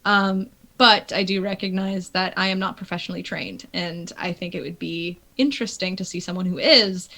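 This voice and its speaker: A woman with a Canadian accent, chatting casually and lively as a guest on a live stream. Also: lowish voice, moderate pace, creaky, few pauses. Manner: lively, chatty, laughs often. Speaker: guest player.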